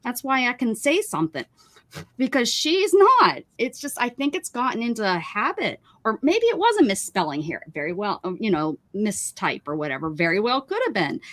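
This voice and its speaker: Lively, animated woman ranting on a stream. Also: mid-range voice, moderate pace. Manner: rambling, emphatic, ranting about pet peeves. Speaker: craft livestream host. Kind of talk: casual chat.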